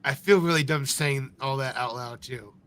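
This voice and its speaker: Reacting to a video on a live stream he co-hosts, a man rambles and pokes fun in casual commentary. His mid-range voice is a bit bright and moves at a moderate pace, with slight background noise behind it.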